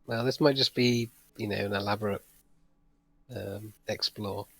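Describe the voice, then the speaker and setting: Gravelly, husky low-voiced man. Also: fairly even intonation, normal speed, fairly bright tone, no room sound. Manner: laid-back, offers short advice on plays. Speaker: co-player on a stream. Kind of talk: casual chat.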